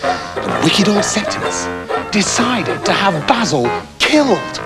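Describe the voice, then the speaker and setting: A man narrating a comic fairy tale in a manic, shouty way. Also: high voice, slow, music in the background. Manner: wildly animated, shouty, comic. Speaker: storyteller.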